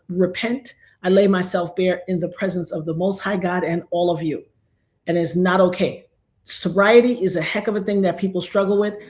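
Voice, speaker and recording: Earnest, preachy middle-aged woman streaming. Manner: earnest and preachy, with sudden high exclamations. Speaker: livestream host. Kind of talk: casual livestream talk.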